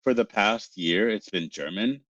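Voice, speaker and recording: A man from Canada, a narrator guest in an interview, talking in an animated, excitable way and laughing often. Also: on the low side, a little slow, no room sound, highs cut off. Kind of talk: casual interview chat.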